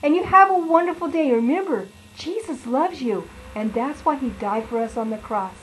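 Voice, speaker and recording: A cheerful lion preacher, voiced by a woman, talks in a high, bright register. The delivery is sing-song and exaggerated, playful like a children's sermon. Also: animated, moderate pace, slightly rough, exaggerated voice, low-quality recording. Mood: gentle.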